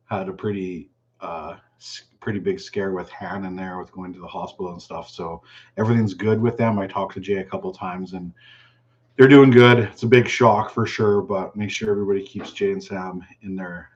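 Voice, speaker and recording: A man hosting a fishing channel's live chat, reading viewer questions aloud and answering them in a relaxed, chatty way. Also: deep voice, lo-fi sound. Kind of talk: casual live stream chat.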